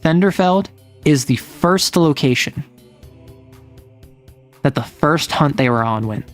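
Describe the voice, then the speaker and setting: A man's voice: a little high, expressive, takes it slowly, faint music behind. A man speaking as a game master, casually recapping his tabletop campaign in a rambling way full of "like"s and restarts.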